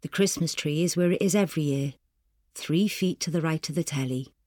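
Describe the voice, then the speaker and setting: A woman reading a story aloud in a calm, measured way. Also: sits low, no room sound, clean studio sound. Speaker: narrator.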